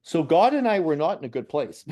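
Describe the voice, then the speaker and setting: A man, a spiritual medium and podcast guest, telling personal stories in an earnest, unhurried way. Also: fairly high pitch, big pitch swings. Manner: earnest, unhurried, with soft laughs and restarts. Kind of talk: reflective personal storytelling in a podcast conversation.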